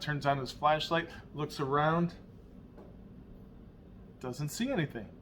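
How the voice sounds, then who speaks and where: A middle-aged man pastoring through a short video message, speaking slowly and easily as he tells stories. His pitch sits in an ordinary middle range. A faint noise hums behind him. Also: fairly bright tone. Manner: unhurried conversational storytelling. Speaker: pastor and show host.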